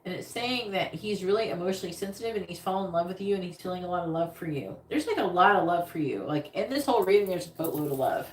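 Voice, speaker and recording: A woman's voice: fairly low pitch, fast, hardly any pauses, reverberant. A woman giving a casual live-stream tarot reading, chatty and rambling, talking straight to her viewers. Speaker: psychic reader on a live stream.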